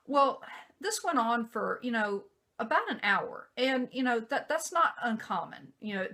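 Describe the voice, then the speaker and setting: A woman vlogger telling a personal story in a casual way, acting out what other people said. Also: mid-range voice. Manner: animated, acts out quoted voices.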